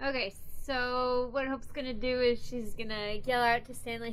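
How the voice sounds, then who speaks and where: Young woman player, kinda high voice, just says her moves plainly. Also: little pitch movement, normal speed, a bit bright, slight background noise. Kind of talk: playing a tabletop game.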